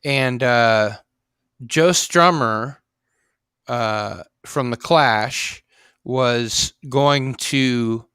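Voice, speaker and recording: Slow, halting host with a smooth voice. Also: male voice, medium pitch, fairly bright tone, no room sound, clean studio sound. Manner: slow and halting, many fillers like uh and you know. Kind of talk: casual chat.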